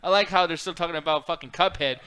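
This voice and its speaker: A man's voice: fairly high pitch, quick pace, pushed and bright, clear, resonant tone. A man co-hosting a live-streamed chat show, joking and rambling in casual chat, swearing freely.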